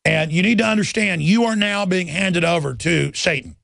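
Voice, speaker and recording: A man's voice: sits high, moderate pace, vocal fry, fairly bright tone, no room sound. A man hosting a radio talk show, ranting intensely about the government and taking calls.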